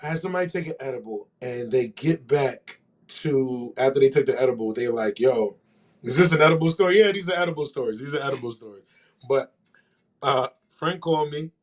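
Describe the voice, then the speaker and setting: A man co-hosting a podcast, telling stories in a casual, animated way and laughing as he goes. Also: medium pitch, a little fast. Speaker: podcast co-host. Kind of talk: casual storytelling chat.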